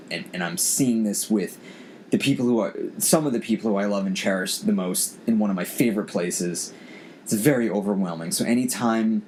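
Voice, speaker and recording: A man's voice: deep voice, a little mellow, a little hiss or hum. A man hosting a podcast, telling a personal story in an earnest, emotional way and often repeating his words. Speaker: podcast host. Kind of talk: casual storytelling chat.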